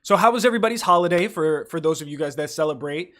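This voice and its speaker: Young male streamer, slightly high voice, casual profane chatter while reading chat. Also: animated, quick pace, fairly bright tone. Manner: loose, profane, filler-heavy slang talk. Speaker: livestream host. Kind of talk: casual livestream chat, reading viewer comments.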